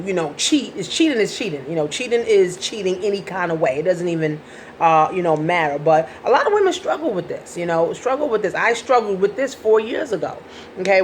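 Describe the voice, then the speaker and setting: A woman's voice: on the low side, slight background noise. Blunt, profane woman vlogging advice. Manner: blunt and profane, talks straight to viewers. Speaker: life coach. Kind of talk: casual advice vlog.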